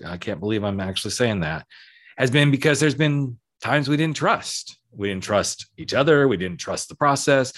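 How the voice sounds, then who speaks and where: A man over forty who grew up in the American South, hosting a solo advice podcast in a chatty, cheeky, emphatic way. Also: a bit bright. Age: 40s or older. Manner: chatty, cheeky and emphatic, with swings in pitch and pace. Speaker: podcast host.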